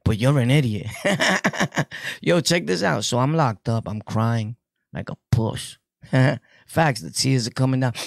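Gravelly, joking New York man. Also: medium pitch, animated, a little slow, long pauses, dry recording, clean studio sound. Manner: joking, laughs often, heavy street slang. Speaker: podcaster telling prison stories. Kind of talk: casual storytelling to camera.

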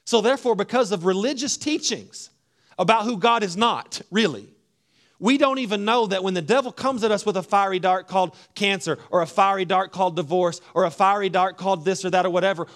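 A man delivers a sermon with a somewhat high-pitched voice. He drops into hushed, low phrases, then rises to loud, emphatic declarations. His voice is expressive and dramatic. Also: brisk. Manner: preaching with wide swings between hushed and loud, acting out voices. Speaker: pastor.

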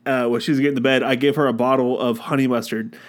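Animated young man telling stories. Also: fast. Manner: animated storyteller, jumps to a high voice when quoting others. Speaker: podcast co-host. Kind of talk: casual chat.

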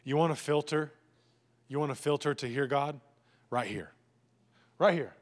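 A male pastor with a voice on the high side preaches a live sermon at normal speed in a church sanctuary before a congregation. He jokes and poses rhetorical questions to the crowd.

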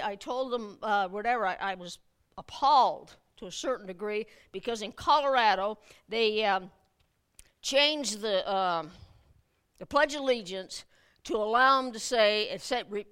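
Middle-aged woman preacher, high ringing voice, animated delivery that climbs to forceful emphasis. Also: clean tone. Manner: animated, rising to emphatic outbursts, laughs at own asides. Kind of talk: sermon.

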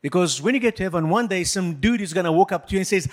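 Man preaching, high voice, very animated, joking with the congregation, long hall echo. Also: fast. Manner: animated and jokey, addresses the congregation. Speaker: pastor. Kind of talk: sermon.

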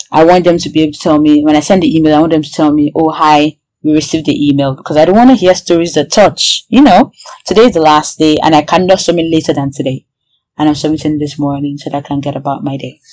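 Excitable woman, a jittery PhD student. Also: sits low, fast talker, no room sound, poor audio. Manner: excitable, anxious, with prayerful exclamations. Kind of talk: casual video diary.

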